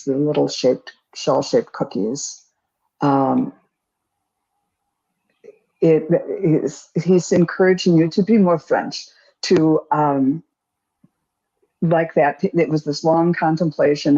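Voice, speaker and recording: A woman's voice: low-pitched, creaky, mellow. A woman co-hosting psychic readings over a video call, talking in a meandering, hesitant, self-deprecating way. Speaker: psychic co-host. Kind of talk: live-stream reading. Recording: dull lo-fi audio.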